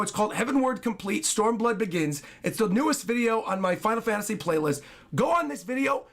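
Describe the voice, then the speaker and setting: A man with a high, hoarse voice that sounds worn out from talking. He rambles excitably through a casual livestream, reading donations and breaking off to talk to his dog. It has the loose feel of someone chatting at home.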